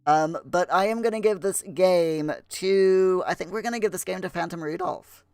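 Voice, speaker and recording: A man's voice: sits high, moderate pace, darkish tone, no echo, clean studio sound. Chatty streamer man in a put-on Scottish accent. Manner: chatty, full of fillers and restarts; putting on a rough, self-admitted poor Scottish accent. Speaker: livestream host. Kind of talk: casual livestream chat.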